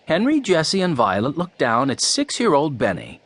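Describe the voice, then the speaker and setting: A man narrating a children's mystery audiobook in a clear, storytelling voice. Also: a little high, wildly swooping pitch, moderate pace, a bit bright, dry recording.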